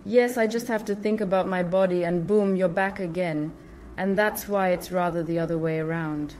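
A woman's voice: on the low side, fairly even intonation, normal speed, a little mellow, a little hiss or hum. Emphatic woman explaining in casual talk. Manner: emphatic, repeats for stress, awkward phrasing. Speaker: spiritual channel host.

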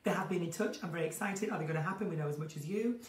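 A woman's voice: on the low side, very fast. A woman hosting a casual live chat from home, reading out viewer questions and answering them in a chatty, theatrical way. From northern England. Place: at home, room with a window to her garden. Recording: roomy, distant home stream audio.

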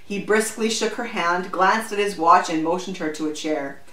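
A woman reading a novel aloud in a measured, even storytelling manner. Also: fairly low pitch. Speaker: book reviewer. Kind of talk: scripted narration. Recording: roomy echo, distant mic.

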